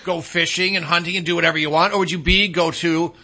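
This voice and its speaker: A man hosting a casual talk show, animated and joking, trailing off into fillers as he talks. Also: fairly high pitch, fast talker. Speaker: host.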